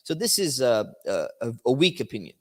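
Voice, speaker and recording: A man's voice: medium pitch, big pitch swings, normal speed, a little mellow. A man giving a religious lesson in a conversational, explaining manner, checking in with his listeners as he goes. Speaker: religious teacher. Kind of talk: religious lecture. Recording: long hall reverb.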